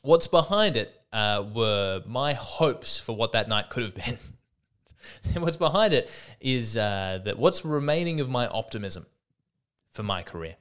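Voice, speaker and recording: A man's voice: on the low side, expressive, measured pace, a bit bright, clean tone. Self-deprecating man hosting a podcast. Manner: self-deprecating, rambling with fillers. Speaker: podcast host. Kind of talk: casual solo podcast monologue.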